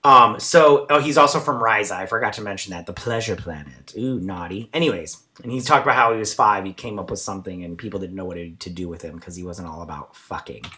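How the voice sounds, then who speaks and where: A man's voice: sits low, fast talker, few pauses, sharp tone. A man hosting a casual episode recap and review, chatty and rambling with lots of fillers. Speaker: show recap host.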